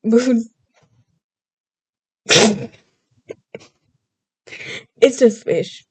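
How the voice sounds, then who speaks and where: A woman's voice: on the high side, very slow, breathy edge, dry recording. A woman vlogger casually telling a personal story, chatty and playfully overdramatic, laughing at herself now and then.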